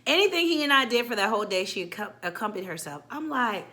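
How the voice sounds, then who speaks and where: A young woman in her twenties telling a casual, animated storytime, acting out quotes with slang. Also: a little high, quick pace. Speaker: storytime vlogger.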